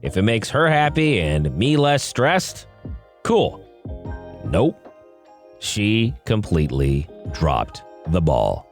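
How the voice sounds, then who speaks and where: A man's voice: on the low side, slow, faint music behind. A man hosting a podcast, reading online stories aloud with sarcastic asides. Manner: sarcastic asides, expressive delivery. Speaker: podcast host.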